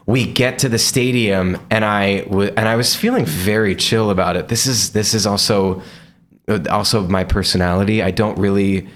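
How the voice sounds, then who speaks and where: A man's voice: fairly low pitch, steady tone, normal speed. A man in his thirties, a podcast guest telling a story with lots of restarts and acted quotes. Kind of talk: casual chat.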